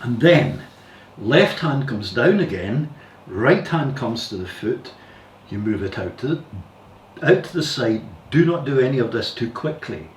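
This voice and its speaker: A man teaching yoga, giving calm, careful step-by-step guidance with repeated warnings to go slowly. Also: mid-range voice. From Scotland. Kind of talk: guided yoga instruction. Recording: echoey room, distant mic, faint hiss.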